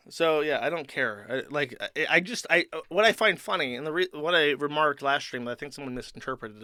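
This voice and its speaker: A man hosts his own livestream from a home desk, his bright, smooth voice picked up dry and close. He rants crudely and swears often, sliding into rambling asides. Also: a little high, no room sound. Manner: crude, ranting, profane, rambling. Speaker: streamer host. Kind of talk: livestream monologue. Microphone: desk mic at computer.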